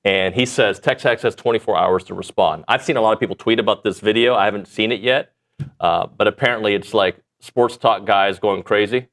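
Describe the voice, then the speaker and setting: A man's voice: fairly low pitch, fairly bright tone. A man hosting a sports talk show, chatting loosely and bantering with his co-hosts. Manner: loose, rambling, quick to banter. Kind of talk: casual sports radio chat.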